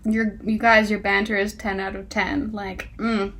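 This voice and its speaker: A woman's voice: mid-range voice, little pitch movement, a little slow, a bit bright, a little hiss or hum. A woman casually reviewing a book, reading passages aloud and mocking them with exasperated, sarcastic asides and frequent laughter.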